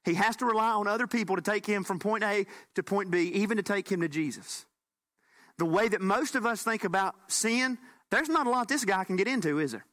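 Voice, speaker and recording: High, bright preacher man. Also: a little fast. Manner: animated preaching with folksy humor. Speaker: pastor. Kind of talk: sermon.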